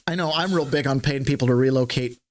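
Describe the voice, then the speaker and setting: A man's voice: mid-range voice, quick pace. A man hosting a podcast, giving casual political commentary in a wry, rambling way and poking fun at the clips he plays. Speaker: podcast host.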